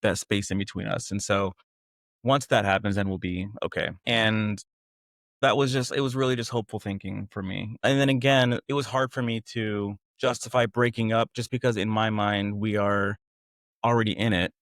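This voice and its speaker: A man with a lowish voice tells a personal story candidly. He recounts events with animated emphasis, often laughing at how strange they seem. The sound is close and dry, with no room around it. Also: moderate pace, dry recording. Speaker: guest.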